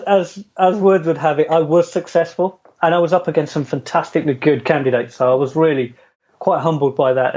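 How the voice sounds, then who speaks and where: A man's voice: fairly high pitch, darkish tone. A middle-aged man telling his career story as an interview guest, chatty and self-deprecating, laughing often. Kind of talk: casual storytelling. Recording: dull lo-fi audio.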